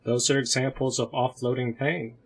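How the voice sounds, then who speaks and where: Husky-voiced male host, opinionated, casual discussion over a video call. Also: mid-range voice, moderate pace. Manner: opinionated, animated, laughs between points.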